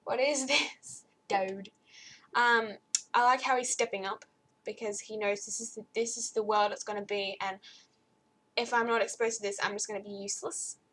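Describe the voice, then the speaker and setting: A teenage girl chatting to camera from her bedroom, rambling and jumping high when excited. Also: moderate pace. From Australia. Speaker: vlogger. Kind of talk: casual chat to camera.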